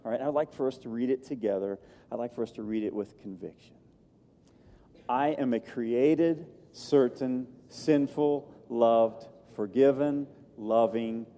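A man's voice: medium pitch, unhurried, dark tone. A male pastor preaching a sermon with an emphatic, repetitive cadence. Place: church sanctuary. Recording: long hall reverb.

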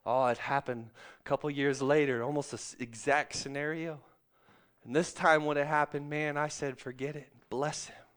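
A middle-aged man preaching a sermon, calling out to the congregation and swinging from loud, excited stretches to soft, hushed ones. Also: on the high side, normal speed, smooth. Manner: calls out to the congregation.

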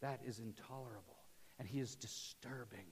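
A man preaching a sermon to his church, swinging from loud emphasis to hushed near-whispers. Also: mid-range voice, normal speed, big-room sound, a little hiss or hum. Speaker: pastor. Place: church sanctuary.

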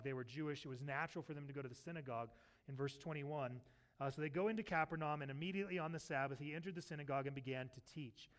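Male pastor, higher voice, animated sermon storyteller who acts out the text. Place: church sanctuary.

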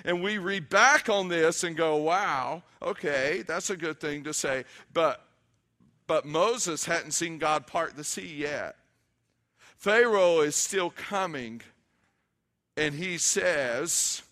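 A middle-aged man preaching a sermon, animated and emphatic, mixing humor with scripture. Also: a little high. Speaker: pastor.

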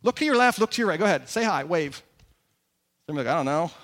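A man preaching a sermon as pastor, in an animated, conversational way and asking the congregation questions. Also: sits high, quick pace. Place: church sanctuary.

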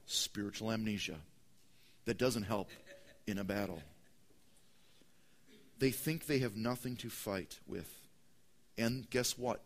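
A man preaching a sermon as pastor, emphatic and repetitive, swinging between loud and hushed delivery. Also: fairly low pitch, takes it slowly, pauses often. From United States.

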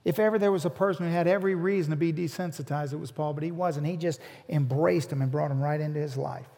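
A man's voice: a little high, steady tone, fast, vocal fry, dark tone. A man preaching a sermon as a pastor, earnest and repeating his words as he builds each point. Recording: long hall reverb.

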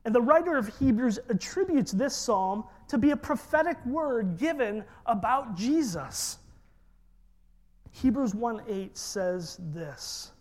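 Preacher, sermon, slow deliberate delivery, emphatic, congregation repetition. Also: medium pitch, animated.

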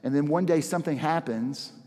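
A man's voice: on the high side, brisk, warm tone. Man preaching a storytelling sermon in an echoing hall. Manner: conversational storytelling with dramatic emphasis. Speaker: pastor. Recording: reverberant large hall.

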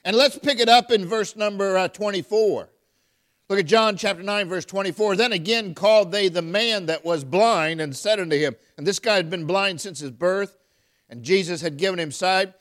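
A man preaching emphatically, reading verses aloud and calling out to his listeners. His voice sits a little high for a man. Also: normal speed, fairly bright tone. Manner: emphatic, calls out to the congregation; reads scripture aloud in King James wording. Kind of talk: sermon.

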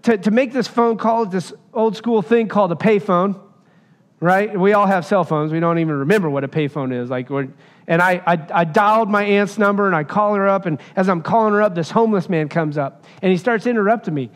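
A man's voice: sits high, a little fast, long reverb tail. A man preaching a sermon, telling a personal story and driving home his points with emphasis. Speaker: pastor.

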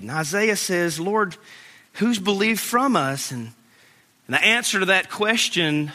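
A man's voice: high voice, sharp tone. A man preaching a sermon as pastor, earnest and storytelling, building to emphatic peaks. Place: church sanctuary. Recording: long reverb in a large hall.

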